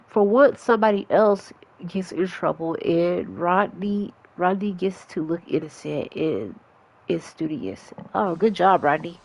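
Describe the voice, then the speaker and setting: A woman's voice: on the low side, measured pace, darkish tone, rough recording. Sick woman narrating a game. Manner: chatty, laughs, stumbles and repeats words. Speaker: gaming vlogger. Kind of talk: casual game commentary and reading story text.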